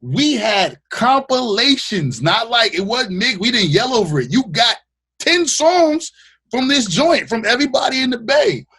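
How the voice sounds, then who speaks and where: A man from the Bay Area, a radio host, chatting as a podcast guest in slangy, animated storytelling style, acting out what people said. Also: very high voice, a little slow, breathy edge. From Bay Area, California. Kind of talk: casual interview chat.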